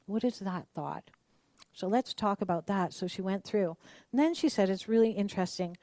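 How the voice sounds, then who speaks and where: A middle-aged woman minister giving a conversational, animated sermon and acting out the voices of the people she quotes. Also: medium pitch, brisk, dry recording.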